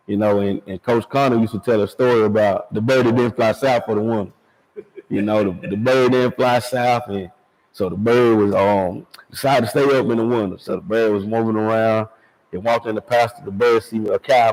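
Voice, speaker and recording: Gravelly man telling coaching stories. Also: fairly low pitch, moderate pace, a little mellow, low-quality recording. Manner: storytelling, repeats "man" and "you know". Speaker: high school football head coach. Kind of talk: casual interview talk. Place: outdoors at a stadium.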